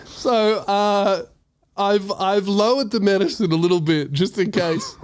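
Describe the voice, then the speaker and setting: A man telling a funny story on a casual podcast, animated and laughing, swearing a lot and acting out the voices. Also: high-pitched, unhurried, no echo. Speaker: comedian host telling a story.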